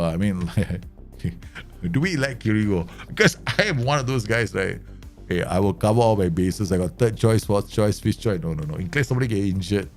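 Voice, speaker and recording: A male streamer with a gravelly, creaky voice talks casually to his live viewers while he plays a management game. He jokes, laughs and rants in mock anger at his digital players, and faint music sits behind him. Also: fairly low pitch. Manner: chatty, joking, talks to viewers. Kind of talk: casual livestream chat.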